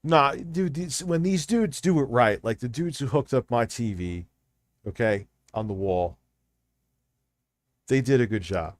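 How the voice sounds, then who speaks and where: A man's voice: medium pitch, a little slow, dry recording. A man reacting to videos on a live stream, ranting bluntly and swearing a lot. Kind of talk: casual live-stream commentary.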